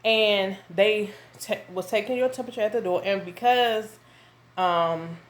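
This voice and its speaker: A woman, telling a casual story to her viewers at home, animated and full of asides. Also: medium pitch, a little slow. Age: 30s. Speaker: vlogger. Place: home with her young son nearby.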